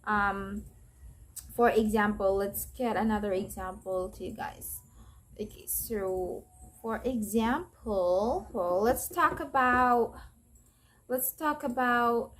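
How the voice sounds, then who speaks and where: A woman's voice: fairly high pitch, a little hiss or hum. A woman who is a call center agent and not a native English speaker, giving a casual tutorial and explaining patiently with repeated phrases.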